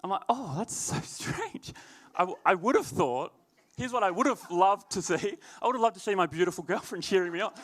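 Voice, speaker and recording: A man's voice: high voice, fast talker, a bit bright. A young man, a youth leader telling a chatty, laughing story before a sermon. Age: young adult. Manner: laid-back, laughing often, chatty filler words.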